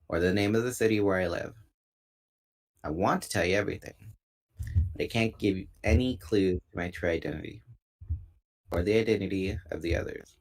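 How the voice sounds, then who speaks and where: A man reading a novel aloud in a relaxed, unpolished way, pausing now and then to correct a slip. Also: sits low. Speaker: book reader.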